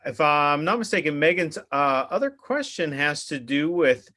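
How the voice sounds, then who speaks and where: A man's voice: on the high side, expressive, moderate pace, pushed and bright. A man moderating an interview over a video call, talking in a loose, chatty way with plenty of fillers.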